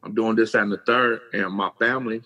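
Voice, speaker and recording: Husky middle-aged man telling street stories. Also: lowish voice, fast, muffled recording. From California. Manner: animated storyteller, acts out quoted voices, swears freely. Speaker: podcast guest. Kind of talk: casual storytelling.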